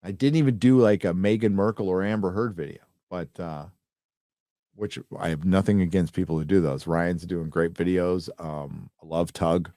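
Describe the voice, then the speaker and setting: A man's voice: sits low, fairly even intonation, normal speed, warm tone, no room sound, studio quality. A man hosting a casual livestream, rambling loosely and swearing as he reads out viewer donations. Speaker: livestream host.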